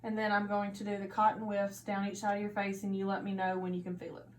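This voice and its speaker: A woman who is a nursing student, narrating a physical assessment step by step with steady, instructive directions. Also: mid-range voice, fast talker, a little hiss or hum. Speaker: nursing student performing an exam. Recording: echoey room with faint ambience.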